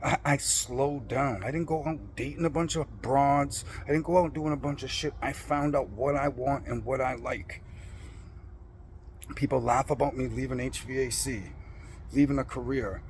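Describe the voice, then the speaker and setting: A man's voice: medium pitch, normal speed, a little hiss or hum. A middle-aged man in a blunt, profane personal rant, defiant and boastful about his principles. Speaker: vlogger.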